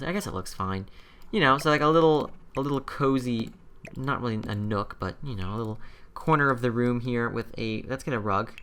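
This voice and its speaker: A young video host with a bright, clear, medium-pitched voice casually comments while building in a game, rambling and thinking out loud. He hesitates often, filling pauses with ums and likes, and stays relaxed and unscripted. A little hiss or hum can be heard.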